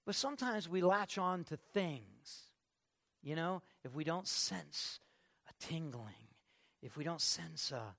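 Middle-aged man, pastor delivering a sermon, gravelly, slightly high voice, emphatic with loud swells. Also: lively intonation, slow. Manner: emphatic, swings from quiet to loud.

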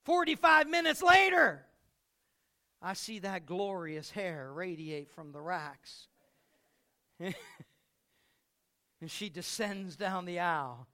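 A middle-aged male pastor delivering a lively sermon in a high, bright voice. He tells stories with big swings, bursting out loud one moment and dropping to quiet reflection the next. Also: slow pace, long pauses.

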